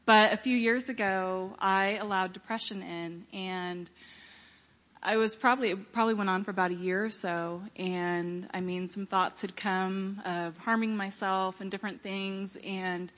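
Woman, church testimony, earnest storytelling, frequent fillers, medium pitch, dull lo-fi recording. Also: steady tone, measured pace, fairly bright tone. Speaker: church member giving a testimony. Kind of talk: personal testimony to a congregation.

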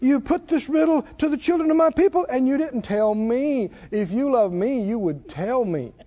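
A man's voice: very high-pitched, expressive, moderate pace, warm tone. A man voicing a weeping young wife who whines and accuses her husband of not loving her. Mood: accusing. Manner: whiny, accusing. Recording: muffled lo-fi recording.

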